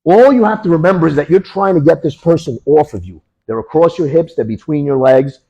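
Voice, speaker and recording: A husky-voiced man leads a hands-on martial arts lesson at a training camp. He talks his students through each move in short, punchy bursts and adds sound effects as he goes. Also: a little high, brisk, dark tone, muffled recording. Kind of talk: hands-on technique demonstration.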